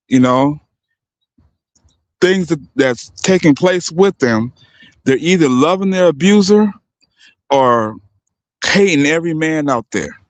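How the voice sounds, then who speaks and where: A man's voice: on the high side, dry recording. A man hosting a livestream, ranting in a heated, profane way and breaking off often to apologize to his viewers. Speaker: livestream host. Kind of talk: unscripted livestream rant.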